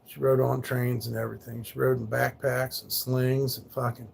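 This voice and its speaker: A man's voice: mid-range voice, level tone, moderate pace, creaky, breathy edge. A man telling rambling, profane stories on a casual livestream, laid back and loose. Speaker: live streamer.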